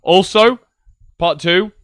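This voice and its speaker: A man's voice: sits high, takes it slowly, a bit bright, clean tone, dry recording, studio quality. A young man rambling casually to his viewers on a livestream from his computer, swearing now and then. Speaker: streamer. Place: at home at a PC.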